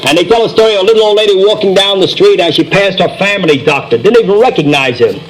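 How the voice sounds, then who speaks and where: A man with a notably high voice spins Yiddish-flavored jokes in a folksy, storytelling way. He drops quickly into little character asides. The sound is an old record with a faint layer of noise. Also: poor audio. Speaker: stand-up comedian. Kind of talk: Yiddish-flavored joke telling.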